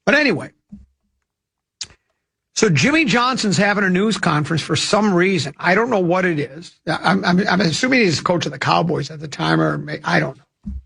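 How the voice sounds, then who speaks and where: Gravelly older man rambling on radio. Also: high voice, expressive, normal speed, a bit bright. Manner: rambling, with many restarts and self-amused asides. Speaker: radio show host. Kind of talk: casual radio chat and storytelling.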